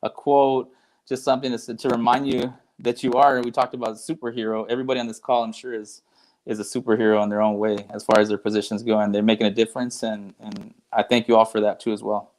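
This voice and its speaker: A man's voice: lowish voice, little pitch movement, quick pace, a little mellow. A man speaking as a panel guest on a video call, grateful and repeating words as he talks. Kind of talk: casual video call sharing.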